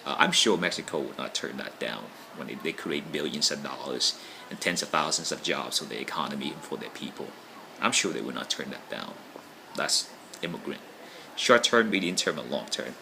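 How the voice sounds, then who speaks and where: A man's voice: extremely low pitch, very animated, normal speed, vocal fry, long pauses, bright, forceful tone, slight background noise, poor audio. A man talking casually to camera in a rambling monologue, often checking in with "right?". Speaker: vlogger.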